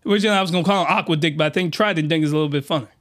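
A man hosting a comedy podcast, reviewing a comic in a slangy, rambling monologue with sudden shouted outbursts. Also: racing. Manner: animated, jumps into high-pitched shouted outbursts; slangy, rambling, with many restarts.

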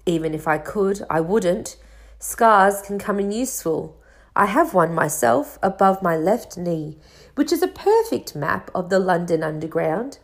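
Brief: woman voicing a gentle old wizard headmaster, calm with dry humour, low-set voice. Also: a little slow.

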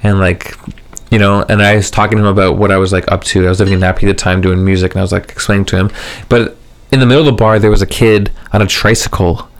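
A man's voice: on the low side, steady tone, fast. A man telling a long story in casual podcast chat, rambling and full of fillers, swearing casually.

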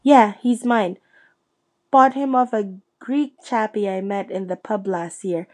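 A woman reading aloud and voicing a big, gruff gamekeeper who argues hotly and stays loyal to his friends. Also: mid-range voice, unhurried, natural voice.

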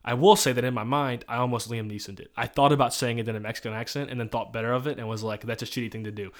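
A man's voice: medium pitch, steady tone, rapid-fire. Rambling young man telling stories. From Missouri. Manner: rambling, storytelling, laughs often. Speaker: podcast host. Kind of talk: casual chat.

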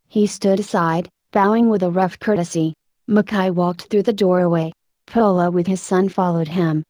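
Low, mellow woman narrator. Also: steady tone, moderate pace, no echo, clean studio sound. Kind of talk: audiobook narration.

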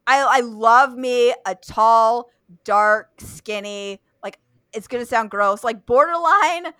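Woman, young adult, casual podcast host, slightly high voice, blunt, swears a lot. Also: slow pace, sharp tone, clear, resonant tone, no room sound. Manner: blunt, swears freely, many fillers and restarts. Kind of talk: casual chat.

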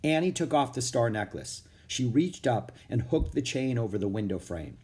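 Guy reading a kids' chapter book, steady storytelling. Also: mid-range voice, moderate pace. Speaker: narrator. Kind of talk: audiobook narration.

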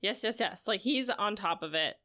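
A woman's voice: mid-range voice, moderate pace. A woman co-hosting a podcast in a casual book discussion, retelling scenes with lots of "like" and acting out lines. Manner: animated retelling, frequent "like", acts out characters' lines. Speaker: podcast co-host.

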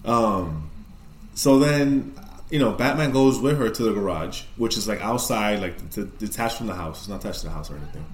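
A podcast co-host with a fairly low, reverberant voice tells a spooky story casually and fairly quickly. His retelling is animated and rambling, full of swearing and fillers.

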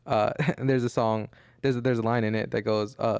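A man's voice: medium pitch, steady tone, brisk, vocal fry, a little mellow, clear, resonant tone, dry recording, studio quality. A tired young man hosting a casual chat, rambling with lots of restarts. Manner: rambling, many restarts and fillers. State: tired, yawning. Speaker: podcast host.

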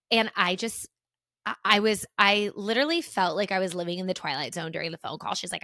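A woman in her thirties with a mid-range voice hosts a podcast, talking fast in an expressive, pushed and bright way. She tells a story in chatty, rambling fashion with many fillers, and the recording is dry and clean, with studio sound.

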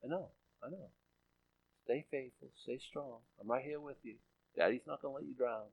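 A man voicing God as a gentle, comforting loving father, speaking softly and reassuringly. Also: medium pitch, moderate pace, vocal fry, husky, dry recording, poor audio. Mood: tender. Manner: soft, hushed, comforting.

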